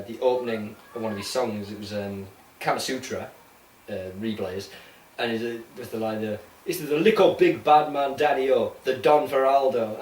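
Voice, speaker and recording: A man's voice: medium pitch, a little hiss or hum. A man co-hosting a casual podcast, rambling and restarting sentences, laughing easily. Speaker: podcast co-host. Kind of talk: casual chat. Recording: roomy, distant mic with faint ambience.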